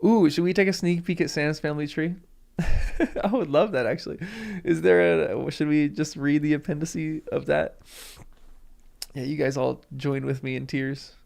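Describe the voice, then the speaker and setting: A man's voice: fairly high pitch, fairly even intonation, normal speed, creaky, darkish tone. A man hosting a live stream, chatting emotionally with viewers and reading from a book aloud.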